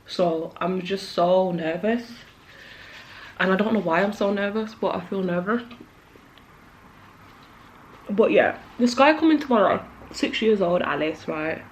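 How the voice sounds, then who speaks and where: A woman's voice: medium pitch, measured pace, pauses often, a little hiss or hum, low-quality recording. Nervous young woman. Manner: nervous, jittery, emotional, trailing off with many likes. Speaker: beauty vlogger. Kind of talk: casual confessional chat while doing makeup.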